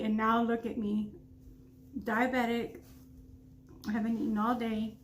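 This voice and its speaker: A woman's voice: fairly high pitch, level tone, a little slow, pauses often, a little hiss or hum. Chatty woman vlogger talking while eating. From United States. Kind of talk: casual mukbang storytelling.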